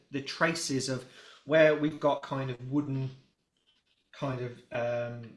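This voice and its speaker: A man's voice: mid-range voice, fairly bright tone. A man narrating as game master of a tabletop game, rambling, with many fillers and restarts. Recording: roomy echo.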